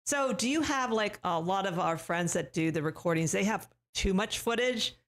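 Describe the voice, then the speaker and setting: A woman hosting an interview show, asking questions in a relaxed, conversational way and answering briefly to show she agrees. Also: mid-range voice, moderate pace. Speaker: podcast host. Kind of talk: casual interview.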